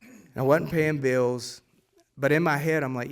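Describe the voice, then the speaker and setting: A man's voice: medium pitch, fairly even intonation, measured pace, far from the mic. A man in his forties on a theater stage, telling his own recovery story in a casual, blunt way, with swearing and acted-out dialogue. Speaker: guest speaker sharing a recovery story. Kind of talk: live storytelling testimony. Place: theater stage before an audience.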